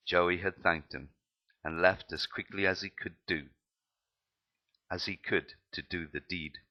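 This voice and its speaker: Deep-voiced man reading his memoir aloud, plain delivery, lo-fi sound. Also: fairly even intonation, a little slow, pauses often. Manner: plain reading with slips and restarts. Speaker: narrator.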